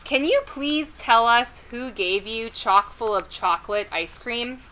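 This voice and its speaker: A woman's voice: on the high side, expressive, a little slow, pushed and bright, dull audio. A woman voicing a curious, determined young girl detective in a children's storybook read-aloud, earnest in tone.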